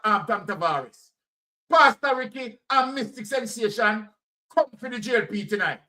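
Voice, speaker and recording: A man's voice: extremely high pitch, bright, forceful tone, low-quality recording. Fiery Jamaican man ranting politics. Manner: fiery, repetitive, speaks to audience directly. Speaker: political commentator. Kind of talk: heated political commentary.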